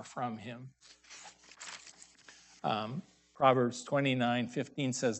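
A man preaching a sermon, pausing often and raising his voice to stress scripture readings. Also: medium pitch.

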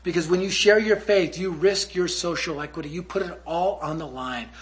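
A man giving a storytelling sermon as a youth ministry speaker, animated and acting out the people in his story. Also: high-pitched, normal speed. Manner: animated storyteller who acts out quotes.

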